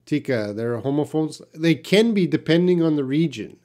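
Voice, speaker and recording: A man's voice: on the high side, animated, moderate pace, warm tone. Canadian man teaching on a live stream. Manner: reads viewer questions aloud and answers plainly, blunt at times. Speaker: English teacher.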